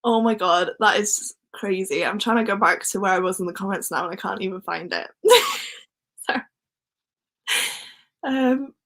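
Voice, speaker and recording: A woman's voice: medium pitch, normal speed, pauses often, fairly bright tone, low-quality recording. A young woman with a Welsh accent hosting a casual book livestream, giggling and chatting as she reads out viewer comments. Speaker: book channel host.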